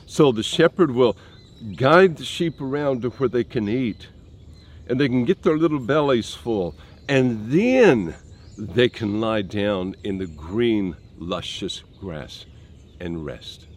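A man preaching a sermon in a slow, earnest way, dropping soft and low and then rising for emphasis. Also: expressive.

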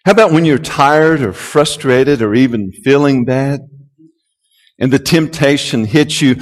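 A male pastor preaching a sermon, who builds to loud call-and-response and draws out key words. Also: medium pitch, measured pace. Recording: long hall reverb.

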